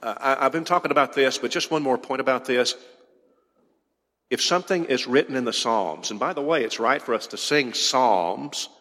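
Preacher with emphatic rhetorical questions. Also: male voice, medium pitch, a bit bright. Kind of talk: sermon. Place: church sanctuary. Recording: long hall reverb.

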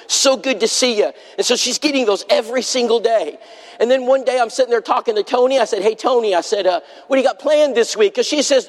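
A man preaching a sermon, pleading with the congregation and telling a story full of quoted dialogue. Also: sits high. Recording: long hall reverb.

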